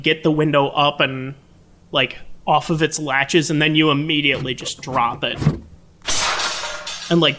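A woman running a tabletop game, who talks and laughs between turns. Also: deep voice. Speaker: game master.

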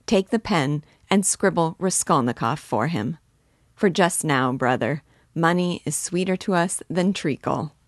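A woman's voice: low voice, lively intonation, measured pace, no room sound, clean studio sound. A woman reading the lines of a boisterous young male student who bosses and jokes with his sick friend. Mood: hearty. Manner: hearty, bossy, joking.

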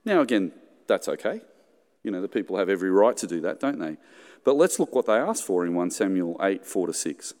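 A man's voice: sits low, very animated, fairly quick, a little mellow. A middle-aged Australian man preaching a sermon in a conversational way, with joking asides and acted-out quotes. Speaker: pastor. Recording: hall reverb.

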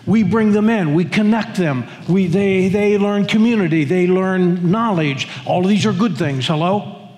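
A man's voice: high-pitched, a little slow, darkish tone, in a large hall, rough recording. A man preaching a sermon to his congregation, emphatic, often repeating words and restarting phrases. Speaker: pastor. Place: church sanctuary.

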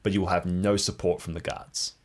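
A man's voice: low-pitched, fairly quick. A man running a tabletop game as game master, laughing often and slipping into character voices. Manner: laughing, animated, jumps into many character voices.

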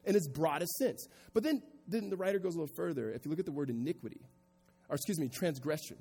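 A male pastor preaching a sermon to a congregation, moving from quiet reflection into loud, emphatic passages. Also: fairly high pitch, animated, quick pace, husky, long reverb tail. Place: church hall with congregation.

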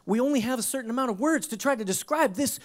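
Speaking fast, a pastor delivers his sermon in a conversational style, firing off rhetorical questions. Emphatic outbursts give way to quiet, low-voiced asides.

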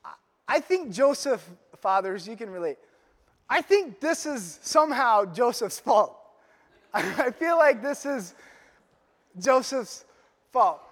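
A man's voice: very high voice, fairly bright tone. A man preaching a sermon as a pastor, telling the story playfully with joking asides. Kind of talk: Father's Day sermon. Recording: long reverb of a large hall.

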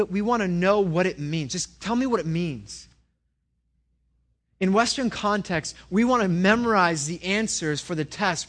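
A man preaching a sermon in a conversational way, often stumbling and repeating words as he restarts. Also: sits high. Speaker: pastor.

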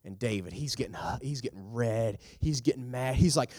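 A man giving a youth sermon in a lively, storytelling manner, acting out the characters as he talks. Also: normal speed, hardly any pauses. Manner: animated, acts out characters with big pitch jumps. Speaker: youth pastor. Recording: long hall reverb.

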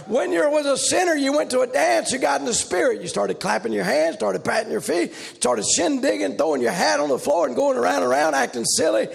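A man delivers a revival sermon in an unusually high, heavily gravelly voice, breaking into loud shouted runs with a driving preacher's cadence. He talks fairly quickly and rarely pauses.

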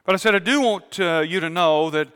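A male pastor, preaching a sermon. He tells a story calmly, then builds to fervent appeals to the congregation. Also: sits high, brisk, clean tone, in a large hall. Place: large church auditorium.

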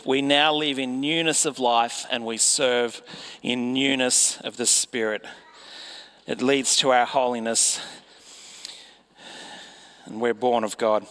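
A man's voice: mid-range voice, pushed and bright, clear, resonant tone. A man preaching a sermon in a conversational way, often putting rhetorical questions to his listeners.

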